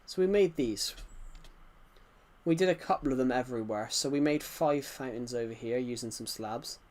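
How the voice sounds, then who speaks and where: Soft-spoken young male streamer. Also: mid-range voice, moderate pace. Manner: soft-spoken, quiet and subdued. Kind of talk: casual gameplay commentary.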